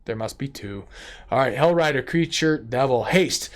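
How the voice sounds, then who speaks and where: A man giving casual card-by-card commentary on a card game deck, excitable and gushing with exclamations. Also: mid-range voice, moderate pace.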